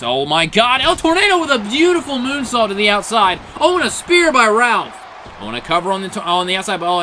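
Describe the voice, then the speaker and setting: A man doing excitable wrestling play-by-play, his slightly high voice swinging up and down in pitch. He keeps blurting "oh" and chuckling at the big spots. A steady hiss of background noise runs under his home recording. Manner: excitable, frequent exclaimed "oh"s, chuckles at big moments. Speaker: play-by-play commentator.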